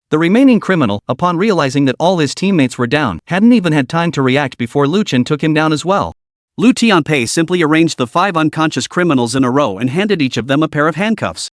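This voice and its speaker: Man, story recap narrator, steady even reading, slightly high voice, dry close sound. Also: no room sound.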